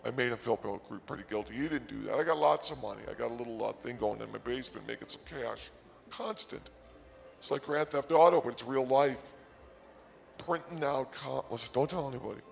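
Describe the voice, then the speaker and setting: A man podcaster telling a rambling comic story, swinging erratically between mumbling and shouting, recorded at a rest stop. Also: medium pitch, fairly even intonation, brisk, vocal fry, long reverb tail. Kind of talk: rambling comedic monologue.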